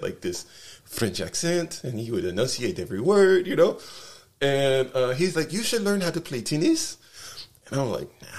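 Man, low voice, gravelly, rambling storyteller, lots of "right?" tags. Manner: rambling, many fillers and restarts, tag questions. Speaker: guest telling a travel story. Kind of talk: casual storytelling chat.

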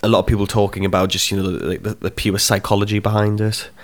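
A man with a lowish voice chats casually as co-host. He stumbles over his words, repeats himself and pokes fun at himself, speaking over a call mic. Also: little pitch movement, quick pace. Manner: stammering, self-mocking, sweary. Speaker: podcast co-host. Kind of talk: casual chat.

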